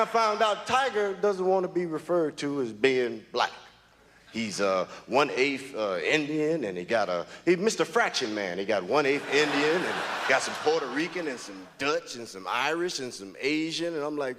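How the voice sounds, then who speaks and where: A man doing a stand-up set in a comedy club, delivering jokes in a halting, drawn-out way with lots of pauses and fillers. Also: medium pitch, animated, a bit bright, some chatter behind, a little hiss or hum. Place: comedy club stage before a live audience. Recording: live club recording with hall echo and audience laughter.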